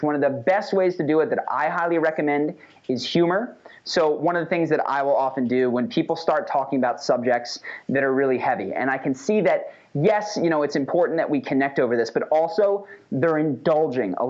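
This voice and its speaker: A man teaching a casual lesson in an animated, conversational way, often checking in with "right?". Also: on the high side. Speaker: instructor. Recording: dull lo-fi recording.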